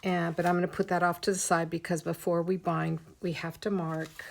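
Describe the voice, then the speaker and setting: A woman's voice: lowish voice, level tone, a little fast, creaky, a little mellow. A woman chatting casually with viewers while teaching a craft on a livestream. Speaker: art teacher.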